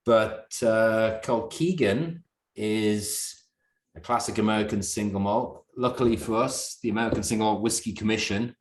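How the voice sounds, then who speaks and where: This casual video call features a distillery founder from Northern England, rambling and laughing in his bedroom at home. He speaks in a lowish voice at a moderate pace, and there's reverb.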